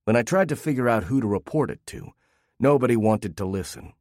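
A man narrating a first-person story in a steady, even storytelling manner. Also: mid-range voice, a little fast, no echo, clean studio sound.

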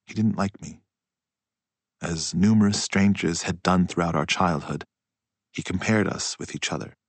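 A man reading a literary story aloud in a slow, hushed and reflective way. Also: low-pitched, no echo. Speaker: audiobook narrator. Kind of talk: literary audiobook narration.

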